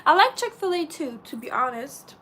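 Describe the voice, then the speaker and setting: A woman's voice: high-pitched, sing-song, sharp tone, slight background noise. A woman hosting a casual live stream, chatting and reading out viewer comments in a bubbly way. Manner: chatty and bubbly, says she talks very fast. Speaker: livestream host.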